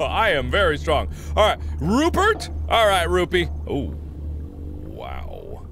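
Jokey man doing gameplay commentary, lively swings in pitch. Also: slow pace, creaky, slight background noise. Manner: animated, jokey, laughs often. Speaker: let's-play host.

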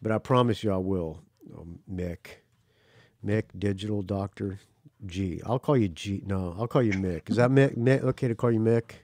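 A man's voice: fairly low pitch, moderate pace, a little mellow, no echo. Rambling, teasing male podcast host. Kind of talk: casual chat.

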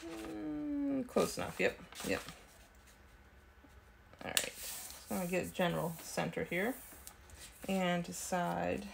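A woman's voice: fairly low pitch, slow pace, creaky, pauses often, background noise. A woman hosting a casual craft video, chatting and thinking aloud as she works at her desk. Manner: talks with frequent ums and small laughs. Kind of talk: casual craft tutorial chat.

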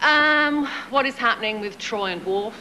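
A woman's voice: fairly high pitch, normal speed, sharp tone. A woman with a London British accent, a guest on a talk show, chatting frankly and joking about her work and family. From England. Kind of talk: casual chat. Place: TV studio with audience. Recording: hissy dull 1990s TV broadcast.

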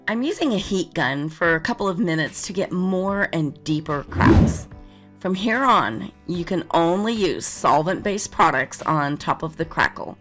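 A woman's voice, hoarse from a lingering cold, walks through a craft project in a friendly, step-by-step tutorial. Her pitch sits fairly low but swings widely as she talks, over soft music. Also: muffled recording. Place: home, filming in Las Vegas.

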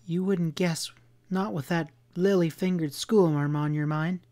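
A man's voice: on the high side, lively intonation, normal speed, darkish tone, pitched above the performer's own voice. A man voicing a stubborn frontier woman. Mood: urgent.

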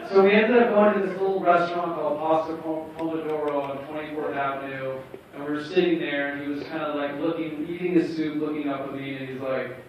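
A man in his thirties telling a story live on a cinema stage, animated and acting out the other man's lines. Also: on the high side, fast talker, slight background noise. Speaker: guest storyteller. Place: cinema stage before an audience. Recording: echoey hall from far off, dull. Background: audience laughter and room ambience.

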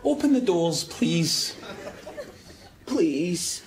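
An actor with a Scottish accent playing an exasperated man stuck in a lift, repeating himself and shouting. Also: sits high, very animated, normal speed. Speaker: sketch character. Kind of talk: TV comedy sketch. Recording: TV audio with audience laughter and noise.

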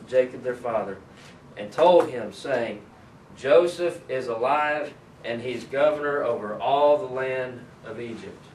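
A man leading a Bible study, reading scripture aloud and then explaining it in a conversational way. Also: medium pitch. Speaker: Bible teacher. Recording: echoey room, mic at a distance, faint ambient noise.

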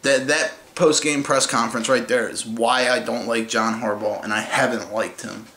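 In an angry rant vlog, a sports fan mocks his football team with heated profanity. His medium-pitched voice is bright and forceful yet steady, moving at a normal speed, and the echoey room carries faint noise.

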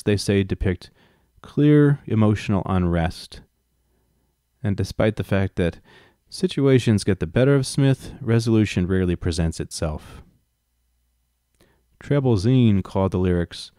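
A man's voice: lowish voice, warm tone, no echo, studio quality. A man reading a book aloud and breaking off into wry, profane asides. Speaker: reader and commentator.

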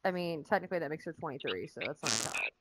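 A young woman in casual game chat, her low-ish voice rising and falling in a lively way. She is blunt and swears offhandedly, with a faint hiss behind her. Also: racing. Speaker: gamer in voice chat.

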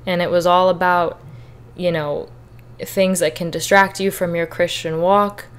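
Young female podcaster, slightly low voice, earnest and teary while recounting her story. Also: flat delivery, a little slow, clean tone. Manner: candid, earnest, emotional at times. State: tearful. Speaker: podcast host. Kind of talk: personal testimony, casual.

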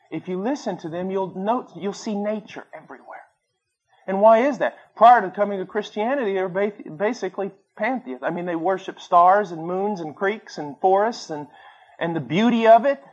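A man preaching a sermon, telling stories with acted-out voices and swinging between loud bursts and quiet asides. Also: high voice, slightly rough. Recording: dull lo-fi sermon recording.

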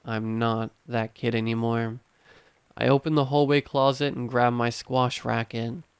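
A man reading horror stories aloud in measured, steady scripted narration. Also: medium pitch, clear, resonant tone, dry recording.

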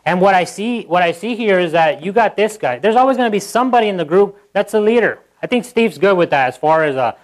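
A pastor speaks to his congregation in a somewhat high voice. He talks casually, restarts his sentences, and acts out the lines he quotes. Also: fast, few pauses, low-quality recording. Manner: conversational, with frequent restarts and asides to the congregation; animated, acting out quotes in a livelier voice. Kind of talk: sermon. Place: church.

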